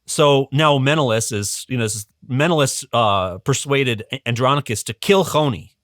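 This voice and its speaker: A man retells history as a podcast guest in a casual, animated way, chuckling and often starting his sentences over. His voice sits at a middle pitch. The sound is dry and close, with no room echo. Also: normal speed. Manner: animated, chuckling, many restarts. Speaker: guest educator.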